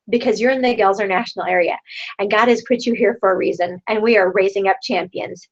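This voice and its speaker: A woman's voice: a little high, fairly bright tone. A woman in her thirties leading her sales team over a video call, rousing them with repeated rhetorical questions. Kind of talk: motivational pep talk. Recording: dull lo-fi online video call.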